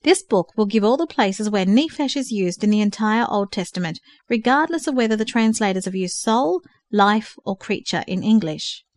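A woman's voice: medium pitch, expressive, normal speed, few pauses, no room sound, close to an everyday voice. A woman reading the part of a patient older male mentor who carefully explains study books. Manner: careful explaining, gently instructive.

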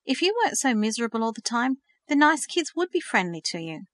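Brief: eager, earnest teenage girl, as a woman narrator reads her, lively pitch, dry close recording. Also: fairly quick, no echo. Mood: indignant. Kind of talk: audiobook reading.

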